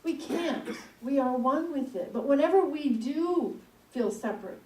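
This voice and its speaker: Woman giving an animated sermon story. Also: sits high, unhurried. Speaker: speaker at a spiritual center. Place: church hall. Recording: echoey room, mic at a distance.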